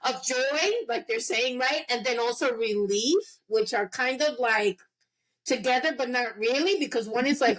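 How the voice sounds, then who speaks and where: High, emphatic woman in conversation. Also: measured pace, fairly bright tone, poor audio. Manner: emphatic, many fillers, reenacts her own reactions. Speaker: podcast guest. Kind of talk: casual podcast conversation.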